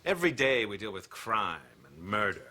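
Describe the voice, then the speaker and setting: An actor playing a pompous, condescending male news anchor with a deadpan delivery. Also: lowish voice, normal speed, full character voice. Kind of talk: sitcom acting. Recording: noisy TV episode with clicks.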